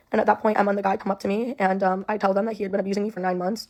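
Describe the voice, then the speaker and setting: Fast-talking young woman with gravelly fry. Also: mid-range voice, flat delivery, a little mellow. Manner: rambling, full of "like" and "um". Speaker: storyteller in a clip. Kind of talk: personal storytelling.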